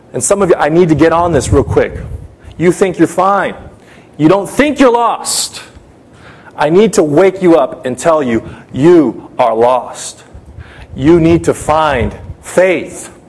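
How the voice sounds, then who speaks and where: A man preaching an urgent sermon, speaking straight to his listeners and telling a personal story with a lot of drama. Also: on the high side.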